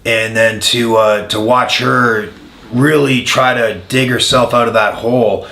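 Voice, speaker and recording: Frank, bright-voiced male interview guest. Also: medium pitch, creaky. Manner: frank, many "uh" pauses, animated when telling anecdotes. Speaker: former wrestler, interview guest. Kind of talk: candid interview storytelling. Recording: echoey room.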